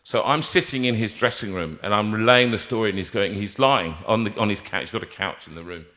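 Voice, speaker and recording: A man's voice: fairly low pitch, brisk. A man hosting a live stream from a music room, telling a stage anecdote and acting out the voices he quotes. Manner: animated, acts out quoted voices. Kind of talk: anecdotal storytelling.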